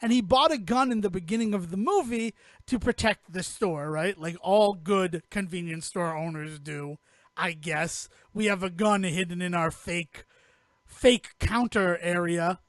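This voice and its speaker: A man co-hosting a casual podcast, talking in an animated, rambling way and swearing freely as he recaps a film. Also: sits high, measured pace, no echo. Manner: animated, rambling, swearing, jumps into quoted voices. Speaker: podcast co-host.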